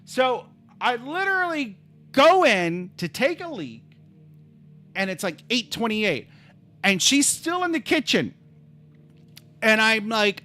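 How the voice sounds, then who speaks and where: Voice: medium pitch, sing-song, moderate pace, pushed and bright. A livestreamer telling a rambling, heated story in casual chat, swearing freely and talking over their own restarts.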